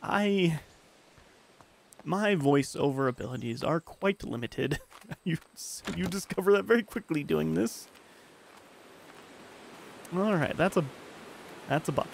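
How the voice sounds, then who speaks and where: Brief: a gravelly man commenting on a game stream, self-mocking, with a bouncy, animated delivery. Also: fairly high pitch, unhurried, pauses often, a little hiss or hum. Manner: rambling, self-mocking, reads game text aloud.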